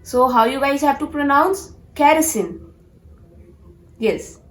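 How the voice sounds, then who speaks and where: A woman teaching pronunciation, repeating each word slowly and deliberately for practice. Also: high-pitched, fairly even intonation, fairly bright tone, roomy sound, poor audio. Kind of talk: pronunciation lesson.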